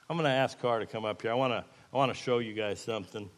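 Talking fast and barely pausing, this medium-pitched man is a lay preacher giving a folksy, earnest sermon in plain, informal language, complete with a live demonstration. Long reverb fills the echoey hall around him.

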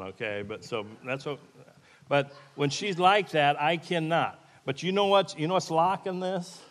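Earnest folksy man preaching in an echoey hall. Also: a little high. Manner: folksy, earnest, plain-spoken. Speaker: lay preacher. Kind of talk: informal sermon with live demonstration. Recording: echoey hall with long reverb.

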